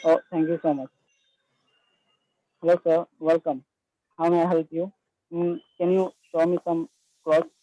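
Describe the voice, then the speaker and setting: A male student recites a short dialogue he wrote. His voice is flat and mellow, and he pauses hesitantly. The dull, dry call audio sounds lo-fi. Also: fairly high pitch, no room sound. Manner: hesitant, halting.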